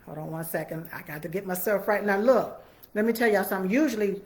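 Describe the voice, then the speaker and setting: A woman's voice: medium pitch, fast talker, darkish tone. A woman hosting a casual live stream from her home computer, chatting folksily with viewers. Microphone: computer mic.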